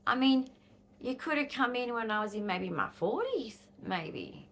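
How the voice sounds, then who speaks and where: An Australian vlogger in her fifties from Western Australia talks bluntly and angrily to camera in a casual vlog, swearing freely. Her fairly high, fairly bright voice swings widely in pitch at an unhurried pace, with a little hiss or hum on the recording.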